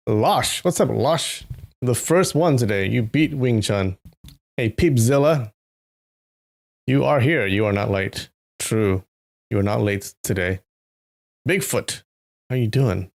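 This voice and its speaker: Speaking slowly with long pauses, a live-stream host reading a novel chats with his audience, greeting chatters by name and making animated asides. His voice is medium-pitched and gravelly.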